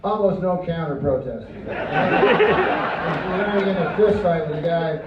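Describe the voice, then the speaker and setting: A man doing a stand-up comedy set on a club stage, talking in a deadpan, rambling way with mock-earnest quoted voices. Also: a little high, measured pace, far from the mic. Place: comedy club stage before a live audience. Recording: roomy, muffled club recording from afar. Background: audience laughter and crowd noise.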